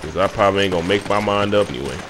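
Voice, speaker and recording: A man's voice: deep voice, racing, noisy background. A man giving casual, profane commentary while playing a video game, often talking to the characters on screen. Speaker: gameplay commentator. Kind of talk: casual let's-play commentary. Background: loud game music.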